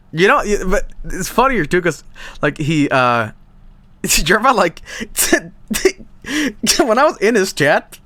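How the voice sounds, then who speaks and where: A man's voice: high voice, sing-song, extremely slow, long pauses, bright, forceful tone, dry recording. Rambling, profane Swedish-accented man. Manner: rambling, profane, laughing asides. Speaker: streamer. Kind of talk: casual stream chat.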